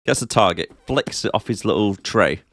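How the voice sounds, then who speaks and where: A man's voice: fairly low pitch, lively intonation, moderate pace, a bit bright, no echo. A man, co-hosting a movie roast podcast, making wry, mocking asides and ending remarks with tag questions. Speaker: podcast co-host. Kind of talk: casual movie roast chat.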